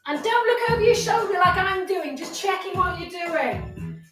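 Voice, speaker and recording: A fitness instructor streams a live class from her home, her very high, fairly bright voice expressive and moderately paced. Slightly breathless, she cheers people on, counts down reps and drops chatty remarks. The mic is far off, the room echoes, and music plays faintly.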